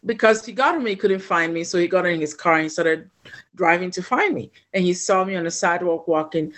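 A woman from Ghana, a guest on a podcast, tells a long personal story. Her voice sits a little low, and she acts out the voices of the people in it as she goes. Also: brisk. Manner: animated storyteller who acts out quoted voices.

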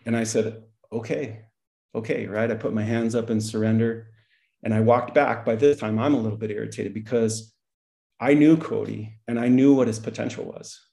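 A middle-aged man tells a story in a conversation, with a dark, mellow tone and a rough, gravelly edge. He acts out the dialogue as he goes and laughs often. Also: on the low side, fairly even intonation, moderate pace. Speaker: podcast guest, school principal.

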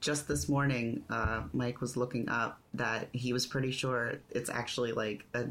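A man's voice: mid-range voice, little pitch movement, normal speed, fairly bright tone. A man co-hosting a podcast, rambling through stories in casual chat and chuckling easily. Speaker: podcast co-host.

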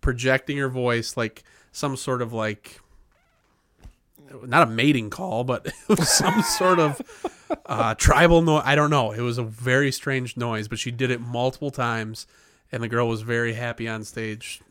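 Podcast co-host, man in his 30s, lively storyteller with a middle pitch, dry close studio sound. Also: a little slow, dry recording. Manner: animated storyteller, laughs and swears often. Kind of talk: casual storytelling chat.

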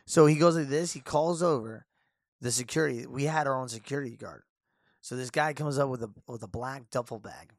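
A man's voice: medium pitch, brisk, no room sound, clean studio sound. A man hosting a podcast, telling a story casually and with animation, often repeating and restarting phrases. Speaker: podcast host, barber.

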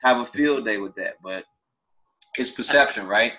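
A man's voice: mid-range voice, normal speed, sharp tone. A man in a laid-back casual chat over a remote call, often repeating himself and saying "you know what I mean.".

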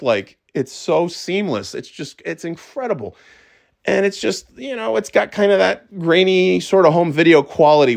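A middle-aged man talks in a loose, casual monologue, his pitch sitting right in the ordinary middle for a man. He gets worked up fast, trips over his own restarts and swears without a second thought. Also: a little mellow. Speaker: podcast host.

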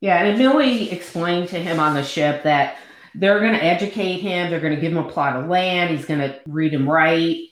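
A woman recapping a novel in a casual book chat, expressive and acting out the characters' lines. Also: fairly low pitch, moderate pace. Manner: expressive, acts out quoted lines. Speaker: book podcast co-host. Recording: very echoey room.

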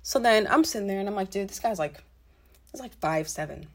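A woman's voice: medium pitch, fairly quick. A young woman casually telling a story from her own life. She swears freely and keeps adding asides as she talks. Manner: blunt and profane, swearing freely; animated retelling with frequent asides. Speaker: storytelling vlogger.

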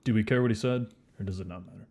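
A man's voice: lowish voice, very fast, dark tone. A man playing in a tabletop game, making short, casual asides. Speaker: player.

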